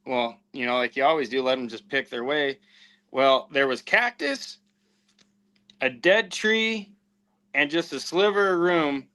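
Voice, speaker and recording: A man recounting a hunting trip in loose, casual conversation. His voice is bright and forceful, and he slips into voicing what others said mid-story. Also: mid-range voice, a little slow, clear, resonant tone, low-quality recording. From southwestern United States. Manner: animated anecdote-telling with acted-out quotes. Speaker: podcast host and houndsman.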